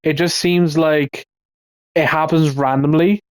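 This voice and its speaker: A man's voice: a little high, fairly even intonation, a little slow, clear, resonant tone, no room sound. A man giving casual, ranting commentary in a rambling way, swearing often and restarting his sentences. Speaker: video commentator.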